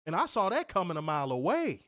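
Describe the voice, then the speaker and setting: A man's voice: high-pitched, huge pitch swings, fast talker, a bit bright. A man co-hosting a wrestling podcast, ranting heatedly with plenty of profanity in a casual, fired-up way.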